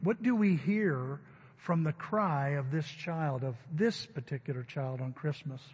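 A man's voice: fairly high pitch, measured pace, darkish tone, breathy edge, in a large hall, lo-fi sound. A middle-aged man preaching a sermon in a church, telling stories in a conversational way. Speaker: pastor. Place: church sanctuary.

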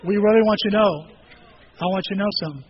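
Pastor with a high voice, preaches to his church and acts out scenes in different voices, muffled recording with faint hiss. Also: racing. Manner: storytelling, acting out conversations with voices. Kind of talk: sermon.

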